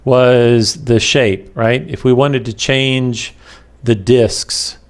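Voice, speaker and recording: A male instructor walks through a recorded lesson at an unhurried pace, his voice rough with a gravelly fry. He hesitates often and fills the pauses with ums and uhs, and he has the hiccups. The sound comes from a plain computer microphone. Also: medium pitch, steady tone. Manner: slow, halting, many fillers and pauses. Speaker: web development instructor. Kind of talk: recorded screen-capture lecture.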